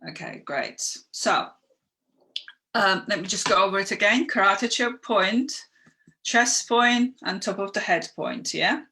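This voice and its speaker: A woman's voice: medium pitch, expressive, a little slow, bright, forceful tone. A woman hosting a live online workshop, chatty and encouraging as she reads out viewers' comments and guides them. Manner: chatty and encouraging, with frequent ums. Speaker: online workshop host and coach. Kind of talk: live-streamed teaching, reading viewer comments.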